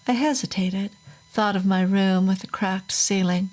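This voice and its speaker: A woman reading a first-person horror story aloud in a measured, unhurried storytelling manner. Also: medium pitch, steady tone, darkish tone, poor audio. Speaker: narrator. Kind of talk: scripted horror story narration.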